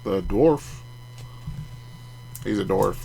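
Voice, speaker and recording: A man's voice: on the low side, extremely slow, vocal fry, dark tone, slight background noise. A man hosting a casual card review vlog, chatty and making jokey asides as he goes. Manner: chatty, jokey asides, laughs at own remarks. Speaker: card collecting channel host.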